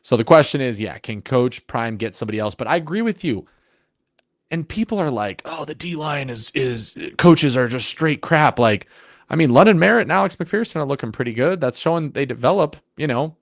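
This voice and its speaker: A man co-hosting a sports podcast, talking in an animated, emphatic way in long runs. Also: on the high side, vocal fry, dry recording, clean studio sound. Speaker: podcast co-host. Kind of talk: casual sports podcast chat.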